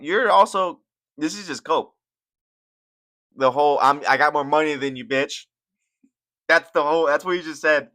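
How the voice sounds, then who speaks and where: A man's voice: fairly high pitch, normal speed, long pauses, pushed and bright. A young man hosting casual, profane reaction commentary on fight sports, rambling and laughing as he goes. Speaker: commentary channel host.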